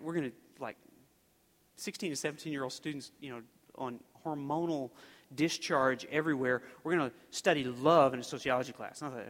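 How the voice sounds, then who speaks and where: A man's voice: a little high, a bit bright. Male preacher, conversational and rambling, reverberant sanctuary sound. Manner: conversational, rambling with restarts and fillers. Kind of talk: storytelling sermon. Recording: long reverb of a large hall.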